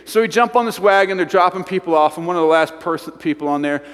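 A man preaching a sermon, telling stories in an animated, self-mocking way. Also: high-pitched, fast. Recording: long hall reverb.

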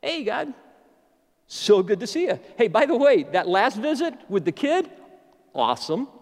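A man's voice: very high-pitched, sing-song, measured pace, long reverb tail, heavily acted. A preacher doing a chummy, proud old man. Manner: cheerful and chummy. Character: eager, chatty old man, proud new father.

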